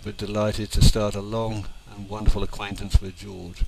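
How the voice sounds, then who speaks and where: A man's voice: on the low side, level tone, vocal fry. Man in his sixties reminiscing over hiss. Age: 60s. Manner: unhurried, with fillers and small restarts. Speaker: narrator of home movies.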